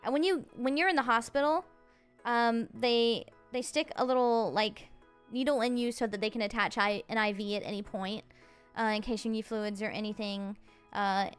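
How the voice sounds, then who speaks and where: A woman around thirty, a streamer telling a story in a chatty, halting way, full of "like" fillers and restarts. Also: on the high side, smooth. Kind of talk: casual storytelling.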